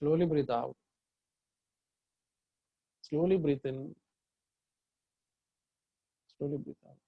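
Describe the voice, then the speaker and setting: Calm high-voiced male meditation guide. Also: creaky, breathy edge, no room sound, muffled recording. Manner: slow calm instructions, chants mantras in long tones. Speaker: yoga and meditation teacher.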